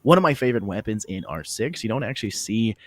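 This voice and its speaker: A man from the southern United States casting an esports match, chatty and quick to laugh. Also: on the low side, expressive, no room sound. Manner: laughs easily, chatty asides. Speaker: esports caster. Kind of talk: play-by-play commentary.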